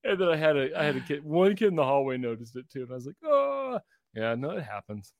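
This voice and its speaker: A man in his forties co-hosting a casual podcast, an animated storyteller who acts out voices and pokes fun at himself. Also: fairly high pitch, very fast, no echo, studio quality. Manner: animated, acts out voices in anecdotes, self-deprecating. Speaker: podcast co-host, middle school teacher.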